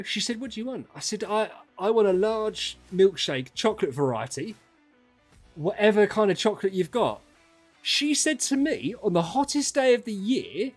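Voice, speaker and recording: A British man in his thirties, a gaming streamer, telling a story in an animated, exasperated way and swearing often. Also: sits high, husky. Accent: British English. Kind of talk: casual storytelling rant.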